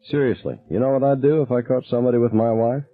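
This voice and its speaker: A man's voice: medium pitch, fast, pitched above the performer's own voice, natural voice. A man voicing a drunk, menacing father at a hunting camp in a storybook reading, with blunt, coarse talk. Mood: gruff. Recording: tinny, phone-like narrow sound.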